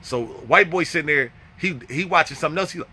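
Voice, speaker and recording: A young man tells a rough, profane story in casual talk, acting out his own lines and roasting people bluntly. His voice sits a little high, and its tone is sharp and forceful throughout. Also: a little fast. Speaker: vlogger telling prison stories.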